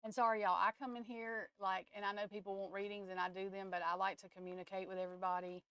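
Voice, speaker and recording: A woman's voice: mid-range voice, flat delivery, quick pace, a bit bright, clean tone, no room sound. A woman, hosting a livestream from home and chatting bluntly and openly with her viewers, cursing now and then. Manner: chatty and blunt, curses, talks straight to her chat. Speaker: tarot reader and livestream host. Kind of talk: casual livestream chat.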